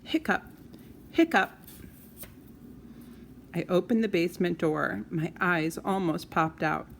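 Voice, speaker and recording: A woman reading a children's story aloud, in a soft, hushed first-person telling. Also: fairly low pitch, fairly even intonation, normal speed, gravelly, slight background noise.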